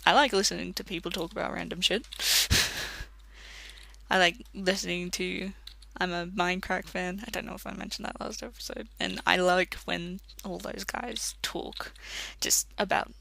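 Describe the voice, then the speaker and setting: An Australian let's play commentator rambling casually while gaming, chatty and quick to laugh. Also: medium pitch, little pitch movement, gravelly, bright, forceful tone, dry recording.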